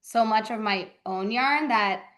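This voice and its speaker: A woman's voice: mid-range voice, unhurried, fairly bright tone. A woman telling stories in a casual chat, acting out quoted people and saying "like" a lot, as an indie yarn dyer. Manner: chatty storyteller, acts out quoted voices, lots of "like".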